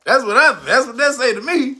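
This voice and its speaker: High, bright-voiced man riffing casually. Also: fairly quick. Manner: animated, chuckling, slangy storytelling. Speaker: channel host. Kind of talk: casual commentary.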